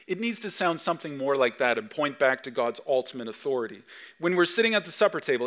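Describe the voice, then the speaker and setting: A man in his thirties, a pastor preaching a sermon with emphatic swings between loud and soft. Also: medium pitch, animated, moderate pace. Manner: acts out dad talking to his kids.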